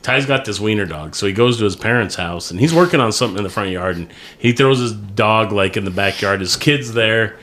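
A man's voice: fairly low pitch, brisk, roomy sound, slight background noise. A man co-hosting a podcast, telling a funny story in casual, profane chat. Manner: profane, animated storyteller who laughs often. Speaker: podcast co-host.

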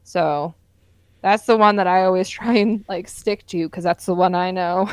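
Woman, co-host, tired, hesitant, smooth voice, dry close sound. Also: lowish voice, fairly even intonation, normal speed, no echo. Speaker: podcast co-host. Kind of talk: casual podcast chat.

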